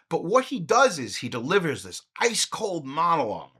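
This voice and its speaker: Animated, profane comedic podcast man. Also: on the high side, brisk, hardly any pauses, husky. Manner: animated, profane, riffing with jokes. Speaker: podcast host. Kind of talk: comedic movie retrospective.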